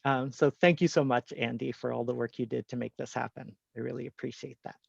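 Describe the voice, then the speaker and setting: A man's voice: mid-range voice, fairly even intonation, a little fast, vocal fry, breathy edge, dry recording, dull audio. A man hosting a panel discussion, speaking earnestly and laughing often over a video call. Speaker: host.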